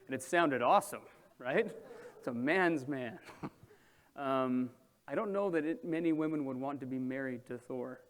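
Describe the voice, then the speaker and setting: A man's voice: mid-range voice, moderate pace. A man moderating a panel and addressing an audience in a room, talking in a conversational way that keeps checking in with the listeners. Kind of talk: presentation to an audience.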